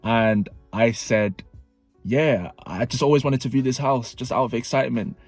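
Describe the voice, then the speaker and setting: Vlogger, man, animated storyteller, dry close sound, soft music underneath. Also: medium pitch, normal speed, dry recording. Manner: animated storytelling, acting out dialogue. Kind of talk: storytime narration.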